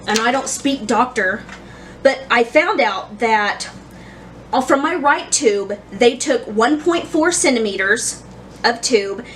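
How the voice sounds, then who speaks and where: A woman in her thirties talks through her story in a casual, rambling vlog, circling back on herself with restarts and ums. Her voice sits a little high. She is a bit far from the mic, with faint noise behind her. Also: a bit bright. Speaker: vlogger.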